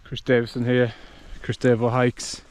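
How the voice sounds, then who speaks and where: A man's voice: mid-range voice, completely flat delivery, moderate pace, darkish tone. A man walking and chatting casually as a hiking vlogger, a little short of breath, describing the route as he goes. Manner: chatty, self-deprecating, describes route as he walks. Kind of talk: casual vlog narration while walking. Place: outdoors on a rural hillside. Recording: noisy outdoor camera audio. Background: outdoor noise, wind and animals.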